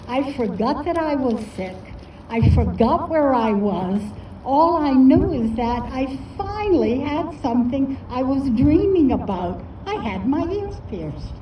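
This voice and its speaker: An older woman with a fairly high voice tells a heartfelt personal story at a storytelling festival, slowly and earnestly. She sounds distant from the mic, in an echoey space, on a dull recording with a faint hiss behind her. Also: sing-song.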